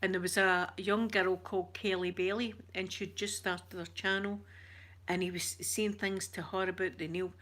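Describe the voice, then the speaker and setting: A Scottish woman chatting with her viewers on a live stream, switching between whispers and soft talk. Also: fairly low pitch, flat delivery, moderate pace. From Scotland. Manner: uses Scottish words like wee.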